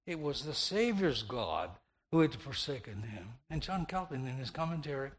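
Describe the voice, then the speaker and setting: A man preaching a slow, meditative sermon, repeating phrases and shifting the stress from word to word. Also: medium pitch, sing-song.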